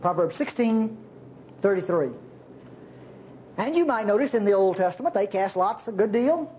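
A man's voice: high-pitched, animated, normal speed, a little mellow, slight background noise. A man preaching a sermon, teaching the Bible in a folksy, chuckling way. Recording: dull lo-fi sermon recording.

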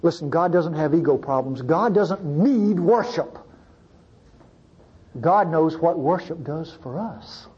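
Brief: male preacher, husky, animated sermon delivery, dull muffled recording. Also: high-pitched. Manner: animated, pleading, swings from loud to hushed.

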